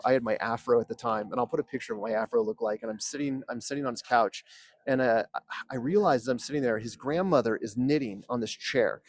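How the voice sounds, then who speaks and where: A man telling long, animated stories in casual chat, swearing freely and acting out what people said. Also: mid-range voice. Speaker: podcast guest. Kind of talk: casual storytelling.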